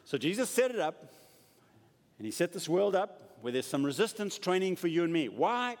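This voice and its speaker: A man preaching a sermon in a church, acting out quoted voices and dropping to soft asides. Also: high-pitched, sing-song, normal speed. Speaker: pastor. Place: church sanctuary. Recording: long hall reverb.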